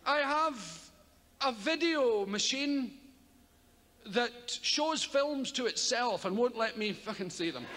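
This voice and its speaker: A man's voice: very high-pitched, slow. A Scottish man performing live stand-up comedy on a theater stage, telling rambling, profane stories into a stage microphone. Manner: rambling, profane, animated storytelling. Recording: reverberant live hall with loud audience.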